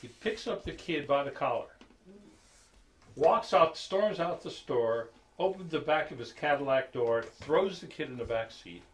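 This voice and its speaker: A man telling a story to a group in a halting, conversational way, full of fillers, acting out the quoted lines. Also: on the high side, expressive, rough recording. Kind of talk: casual spoken storytelling.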